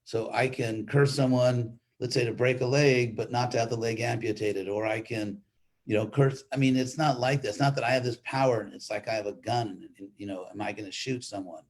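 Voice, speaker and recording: Older guy preaching a class, husky voice, chatty and wandering, dry little jokes. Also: mid-range voice, steady tone, a little fast. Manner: conversational, rambling, with restarts and wry humor. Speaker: spiritual teacher giving a class. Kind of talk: informal sermon with storytelling. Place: online class stream.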